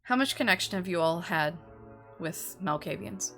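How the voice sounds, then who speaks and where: A woman voicing a motherly vampire elder woman, tender and weary, soothing and halting in a tabletop role-play. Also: lowish voice, animated, sharp tone, faint music behind. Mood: questioning. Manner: soothing, halting, repeats words.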